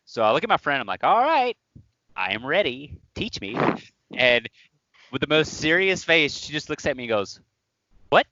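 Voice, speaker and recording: A man's voice: mid-range voice, normal speed, no echo, muffled recording. A man co-hosting a podcast, telling a story in casual chat, acting out quotes and laughing. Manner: animated, laughing, acts out quotes. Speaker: podcast co-host.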